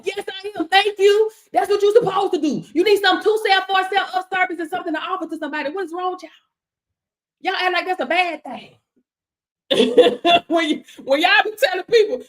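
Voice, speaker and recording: A woman's voice: very high voice, brisk. A woman hosting a casual livestream, preaching and laughing in a sassy, colloquial way as a business mentor. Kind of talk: casual motivational livestream talk. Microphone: streaming setup.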